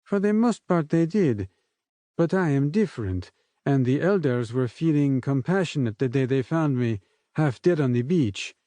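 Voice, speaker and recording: A man narrating an audiobook voices a young woman castaway who speaks softly with a French accent. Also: medium pitch, lively intonation, normal speed, no echo, pitched above the performer's own voice, close to an everyday voice. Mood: soft, gentle. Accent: French, put on. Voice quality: soft, gentle voice. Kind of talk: audiobook character voice.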